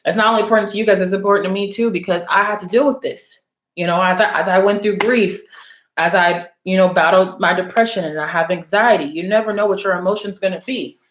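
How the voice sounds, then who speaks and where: Animated, blunt woman in an echoey room. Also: mid-range voice, quick pace, a little hiss or hum. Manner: animated, blunt and swearing, repeats "okay?". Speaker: oracle card reader and channel host. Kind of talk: casual storytelling and advice vlog.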